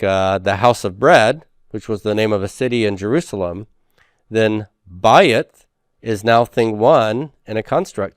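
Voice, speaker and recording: A man's voice: lowish voice, clean tone, dry recording, studio quality. A man teaching a Hebrew grammar lecture, patiently repeating words and checking in with "okay?".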